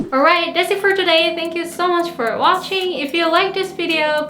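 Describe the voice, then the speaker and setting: A high-pitched Korean woman with a Korean accent gives a cheerful language lesson. She repeats each word slowly and clearly for her learners. The room around her rings with echo. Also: sharp tone, soft background music.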